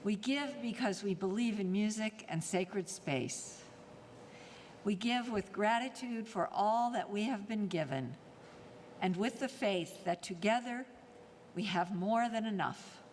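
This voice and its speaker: A woman serving as lay worship leader, reading the offertory invitation in a measured, formal way in a church sanctuary. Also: mid-range voice, a little hiss or hum. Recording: reverberant church hall, faint ambience.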